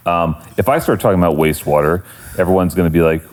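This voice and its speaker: Guy hosting a podcast, kidding around with the guest, lowish voice. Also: quick pace. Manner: joking, playful banter. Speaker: podcast host. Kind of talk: live podcast interview with audience.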